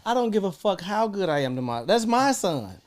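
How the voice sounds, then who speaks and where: A young man, co-hosting a podcast and telling a story in casual, swearing chat, acting out voices with big jumps in pitch. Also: a little fast. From Chicago. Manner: animated, swearing, acts out quoted lines with big jumps in pitch. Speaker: podcast co-host.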